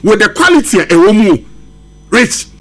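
A man with a Ghanaian accent arguing about football as a radio pundit, emphatic and excited, mixing English and Twi. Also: sits high, normal speed. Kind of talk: radio sports discussion.

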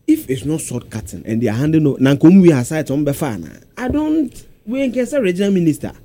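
A man co-hosting a radio show, pressing his partner with questions in a lively, argumentative way. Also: fairly high pitch, fast talker. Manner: animated, questioning, calls the other host by name. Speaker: radio co-host. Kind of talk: casual studio discussion.

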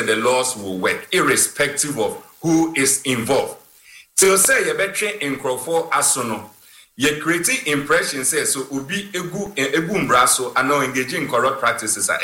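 Guest: man, very bright tone, hesitant delivery full of restarts, roomy echo. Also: medium pitch. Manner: halting, full of fillers and restarts. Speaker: guest commentator. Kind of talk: call-in discussion.

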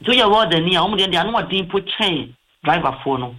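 A man's voice: sits high, expressive, quick pace, sharp tone, low-quality recording. A man with a Ghanaian accent, an eye doctor giving health advice on a talk show, explaining patiently and mixing in English terms.

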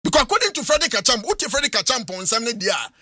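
A man's voice: very high voice, very animated, rapid-fire, a crowd in the background. A man with a Ghanaian accent, hosting a sports radio talk show and giving emphatic, argumentative opinions. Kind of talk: radio sports talk in mixed Twi and English.

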